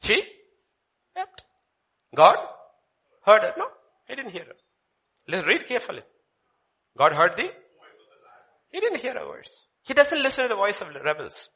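A man preaching a sermon, dramatic, swinging between loud declaiming and hushed low lines. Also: huge pitch swings, measured pace, pauses often, slightly rough.

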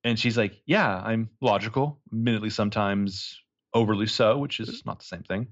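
A man chatting casually on a podcast, retelling a TV episode scene by scene. He keeps jumping into the characters' lines with animated put-on voices. His voice sits on the low side and the recording sounds a little dull. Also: moderate pace. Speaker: podcast co-host recapping a TV episode.

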